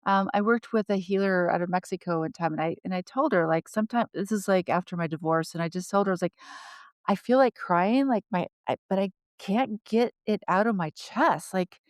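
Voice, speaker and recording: A woman co-hosting a casual conversation, telling personal stories with lively restarts and laughter. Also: mid-range voice, a little fast, no echo, clean studio sound. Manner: animated storyteller, frequent restarts and laughter. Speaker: podcast co-host.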